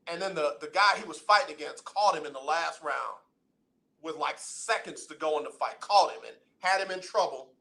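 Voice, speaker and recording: Bright high-voiced radio host. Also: male voice, vocal fry. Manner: animated, preachy, colloquial. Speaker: radio talk show host. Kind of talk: sports talk monologue. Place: radio studio.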